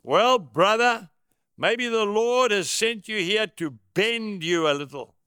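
A man's voice: high voice, lively intonation, takes it slowly, pushed and bright, smooth, no room sound, clean studio sound, full character voice. A man reading the part of a blunt, frank male small-town pastor in an audiobook.

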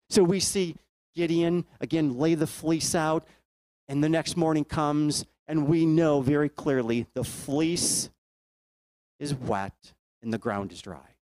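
A man's voice: a little high, slow pace, a little mellow, dry recording. A man preaching a sermon, retelling a Bible story and putting questions to his listeners.

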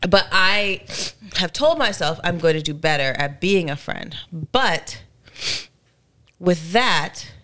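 A woman's voice: on the low side, expressive, slow pace, sharp tone. A woman in her thirties co-hosting a podcast, talking candidly and chattily, a little congested. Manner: candid, chatty, fond of fillers. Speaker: podcast co-host. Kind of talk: casual chat.

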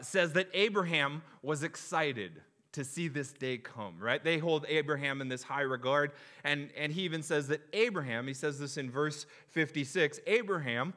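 A young man preaching a sermon in an animated, joking way, acting out the crowd's reactions. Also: fairly high pitch. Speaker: pastor.

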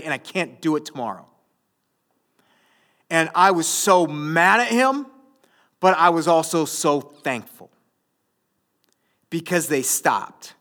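A male pastor in his thirties preaching a conversational, jokey sermon that builds to loud, emphatic stretches. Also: fairly high pitch. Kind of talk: sermon to a young adult group.

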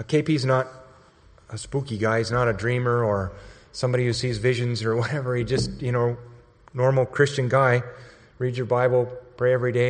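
A man's voice: mid-range voice, darkish tone. A man telling a story in a sermon, speaking in a conversational, earnest way, with a long hall reverb around him. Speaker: mission staff speaker.

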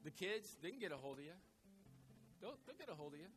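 A man's voice: high voice, very animated, quick pace, over music. A male pastor preaching a sermon in a conversational way, repeating his key phrases for emphasis.

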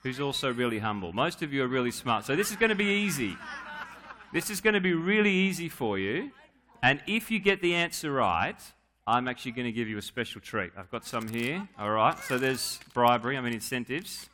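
A man's voice: mid-range voice, big pitch swings, fairly quick, sharp tone, a little hiss or hum. A man leading a playful, joking children's talk at a church service, coaxing kids to answer.

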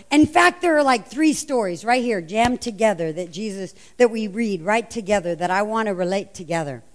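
A middle-aged woman preaches a sermon with a fairly high voice. She tells the story in a lively way and acts out the voices of the people in it.

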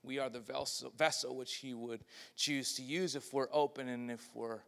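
A man preaching a sermon, moving between loud, lively passages and hushed, quiet ones, and acting out the voices he quotes. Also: medium pitch, moderate pace, vocal fry. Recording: long hall reverb.

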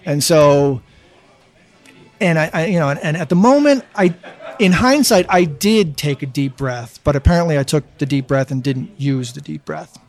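A man in his fifties chatting casually, halting with restarts and swearing freely. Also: on the high side, lively intonation, faint music behind. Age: 50s. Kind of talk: casual chat.

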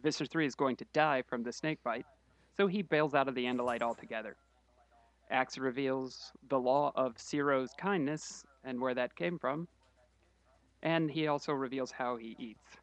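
A man co-hosting a casual podcast walks through a book's plot, tossing in dry, wry asides as he goes. His voice sits in an ordinary middle pitch. The recording is close and dry, with almost no room sound. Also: steady tone, fairly bright tone, dry recording. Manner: quick summary delivery with wry asides. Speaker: podcast co-host summarizing a book.

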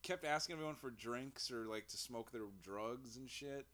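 A man's voice: mid-range voice, moderate pace, a crowd in the background. A young man in casual chat, rambling through a story with fillers and laughter.

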